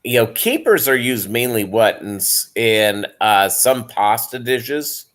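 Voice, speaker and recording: A man's voice: mid-range voice, animated, slow pace, fairly bright tone. A tired man hosting a casual livestream, rambling with lots of fillers while he chats with viewers. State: tired, yawning. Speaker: livestream host.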